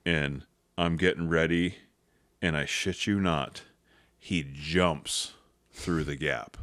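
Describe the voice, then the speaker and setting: A man with a very low voice tells a hunting story in casual podcast chat. He swears freely and acts out the other people's lines. The sound is dry and close. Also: fairly even intonation, takes it slowly, a bit bright, no room sound. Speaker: podcast co-host.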